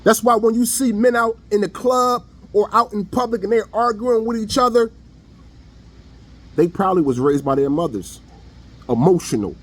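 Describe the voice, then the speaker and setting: A man with a high, light voice talks straight to his audience in a casual opinion monologue. His delivery is blunt and preachy, full of everyday slang. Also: animated, normal speed. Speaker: online commentator.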